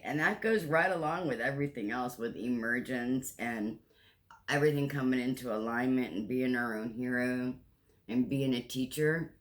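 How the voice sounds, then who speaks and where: A man's voice: medium pitch, normal speed, a bit bright. A man in his sixties giving a spiritual tarot reading, earnest and emotional, often repeating and restarting phrases. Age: 60s. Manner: emotional, tearful at times, earnest and encouraging. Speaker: tarot reader. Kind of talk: spiritual card reading monologue.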